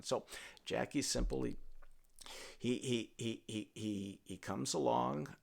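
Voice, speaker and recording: A man telling a folktale in a playful, animated way, with a gravelly voice. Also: medium pitch, slow. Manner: playful, animated, talks to his donkey. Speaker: storyteller.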